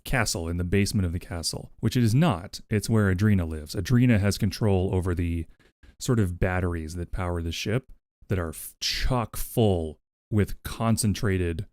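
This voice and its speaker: Low, dry-sounding man streamer, rambling plot talk, close mic. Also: normal speed, darkish tone, no echo. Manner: rambling, thinks aloud with fillers. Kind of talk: casual livestream chat.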